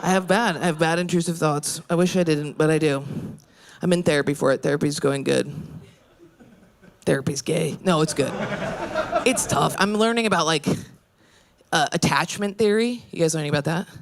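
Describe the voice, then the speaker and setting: A woman's voice: sits low, moderate pace, pauses often, noisy background. A woman from New York state doing a stand-up comedy set in a brash, crude, self-deprecating way. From New York state, USA. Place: comedy stage.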